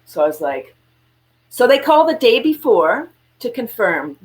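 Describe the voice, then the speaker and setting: An unhurried woman with a medium-pitched voice joins a video call as a guest entrepreneur. In this casual interview she tells animated stories and acts out quotes, laughing as she goes.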